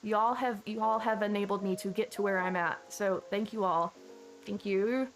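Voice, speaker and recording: A woman's voice: mid-range voice, fairly even intonation, moderate pace. A woman streamer chatting casually on a live stream, thanking viewers effusively and rambling with lots of restarts. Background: background music.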